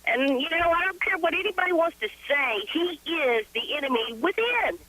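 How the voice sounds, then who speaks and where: A woman's voice: extremely high pitch, expressive, normal speed, pushed and bright, low-quality recording. An older woman calling in to a radio show, blunt and indignant as she makes her point. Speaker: caller. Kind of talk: call-in rant.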